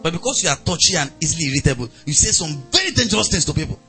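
A man with a Nigerian accent preaching a sermon, animated and acting out quoted voices. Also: fairly high pitch, racing, slightly rough, soft background music. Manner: animated preaching, acts out angry voices, laughs. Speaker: pastor.

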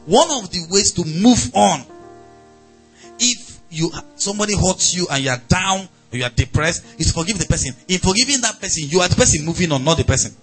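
A man with a Nigerian accent preaching a sermon, animated and acting out quoted voices. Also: high voice, brisk, faint music behind. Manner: animated preaching, acts out angry voices, laughs. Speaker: pastor.

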